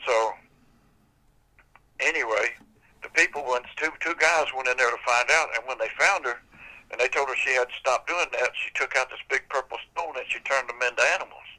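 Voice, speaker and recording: A man's voice: mid-range voice, a little fast, pushed and bright, rough recording. An older man telling a folk tale on a podcast in a folksy, casual way. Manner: folksy, casual, drawling storytelling. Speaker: storyteller.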